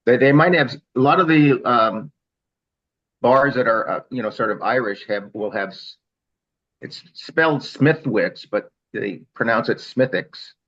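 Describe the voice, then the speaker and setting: A man's voice: medium pitch, moderate pace, fairly bright tone. A man in a casual group chat, giving tips in a hesitant way with fillers. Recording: dull lo-fi sound.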